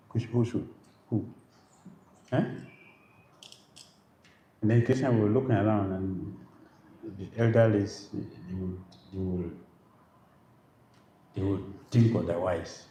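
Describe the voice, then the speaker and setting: Monk man preaching, keeps repeating himself and asking questions, mellow voice, echoey room with a faint hum. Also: lowish voice. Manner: emphatic, repeats phrases, fires rhetorical questions. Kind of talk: devotional lecture. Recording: roomy, faint background noise.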